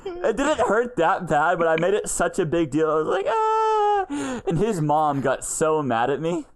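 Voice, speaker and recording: A young man co-hosting a relaxed podcast, telling stories with lots of laughter. His voice sits a little high and swoops widely as he gets animated. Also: normal speed. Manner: animated storyteller, laughs often. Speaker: podcast co-host. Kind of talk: casual chat. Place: lives in Texas.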